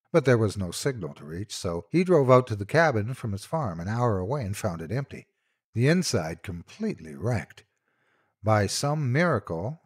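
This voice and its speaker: Husky low-voiced man telling horror. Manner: dramatic, shifting from hushed to loud. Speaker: storyteller. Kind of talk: dramatic horror story reading.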